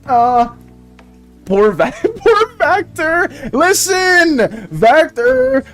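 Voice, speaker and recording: An art streamer chatting casually and rambling while working and reading chat on a live stream. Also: medium pitch.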